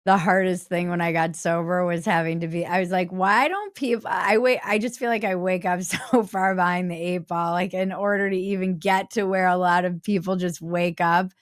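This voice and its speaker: A woman's voice: fairly low pitch, little pitch movement, moderate pace, few pauses, clear, resonant tone, dry recording. Female podcast host, candid and laughing, dry booth sound. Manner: candid, laughs often, swears casually. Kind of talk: casual chat.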